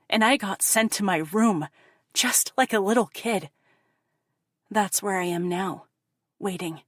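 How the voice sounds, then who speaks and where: A woman's voice: fairly low pitch, no room sound, studio quality. A woman narrating an audiobook in the first person, with an intense, profane, confessional delivery.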